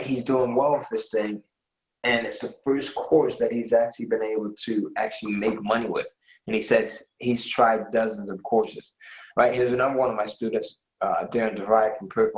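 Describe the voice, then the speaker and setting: A man's voice: lowish voice, roomy sound, low-quality recording. Enthusiastic man hosting a webinar. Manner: enthusiastic, repeats "right?" often. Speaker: webinar host. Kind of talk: live webinar sales pitch.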